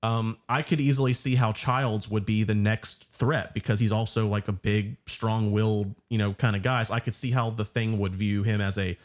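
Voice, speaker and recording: A man's voice: lowish voice, fairly even intonation, normal speed, few pauses. A man guest on a film podcast, casually laying out his theories and adding details about scenes. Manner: lays out theories, adds details.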